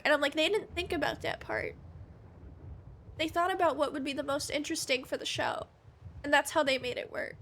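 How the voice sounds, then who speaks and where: A woman's voice: high-pitched, slight background noise. A woman streaming a game live, chatting casually with viewers in a rambling, giggly way.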